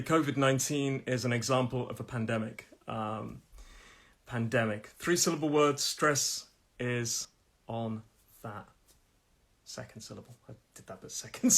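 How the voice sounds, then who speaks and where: A man's voice: medium pitch, a bit bright. Man teaching English pronunciation live. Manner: friendly, repeats words slowly, laughs often. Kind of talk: live-streamed pronunciation lesson.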